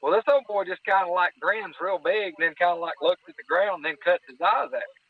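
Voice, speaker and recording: A man's voice: sits high, fairly quick. A man telling a hunting story in a folksy way, often repeating "I said" as he recounts conversations. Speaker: podcast guest telling hunting stories. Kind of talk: casual storytelling. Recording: dry, tinny phone-line sound.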